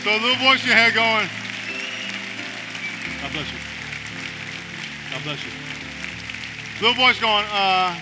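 A man preaching as a pastor, moving between hushed urging and loud rousing calls to the congregation. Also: sits high, big pitch swings, slow, pauses often, a crowd in the background. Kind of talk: sermon with altar call. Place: large church hall. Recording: music behind, long hall reverb.

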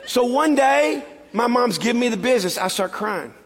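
A man preaching a sermon, telling a personal story and building to loud, animated exhortation. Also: very high voice, normal speed, a faint crowd, a little hiss or hum. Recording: long hall reverb.

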